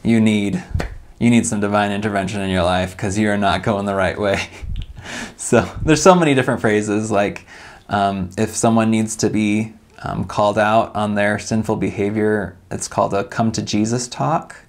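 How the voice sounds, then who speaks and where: A man's voice: fairly low pitch, fairly even intonation, moderate pace. A man explaining things in a casual, wry, joking way, with frequent "um" fillers.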